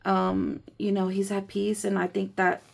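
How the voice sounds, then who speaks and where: A woman in her thirties with a gravelly, fry-tinged voice talks through a budgeting vlog in a loose, candid ramble. She counts cash aloud as she goes, and her grief sits quietly under the chat. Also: mid-range voice, little pitch movement, a little slow. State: grieving. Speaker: budgeting vlogger. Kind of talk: casual chatty vlog.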